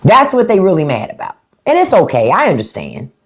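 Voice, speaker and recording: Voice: mid-range voice, huge pitch swings, brisk. A livestream host giving a blunt, profane, mocking rant to viewers. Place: livestream at home.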